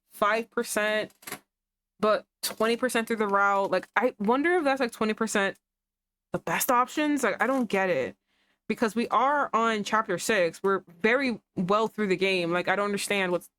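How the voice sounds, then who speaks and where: A woman's voice: medium pitch, fairly bright tone, slight background noise. A woman streaming a visual novel late at night, tired, giggling and swearing casually, with lots of "like" and "um" fillers. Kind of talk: casual live-stream commentary while playing a visual novel.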